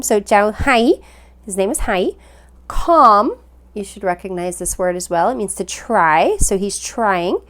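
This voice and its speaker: Woman teaching with patient, slow repetition. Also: mid-range voice. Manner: patient, repeats words slowly for practice. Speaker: language teacher. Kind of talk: recorded phonics lesson.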